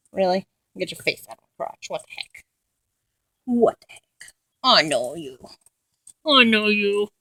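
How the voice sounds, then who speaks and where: A woman's voice: mid-range voice, pushed and bright, husky, no echo, low-quality recording. A woman at home talking to her dogs in cooing baby talk. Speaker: dog owner.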